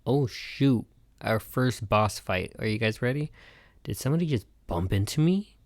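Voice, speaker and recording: A young man hosting a comedic game playthrough, goofy and excitable in his reactions. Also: mid-range voice, normal speed. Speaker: gaming video host.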